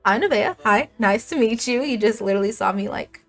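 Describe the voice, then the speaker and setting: A woman's voice: a little high, brisk, soft background music. A woman voicing a flustered, sulky teenage girl character in a life-sim game story, speaking casually and bluntly. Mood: awkward.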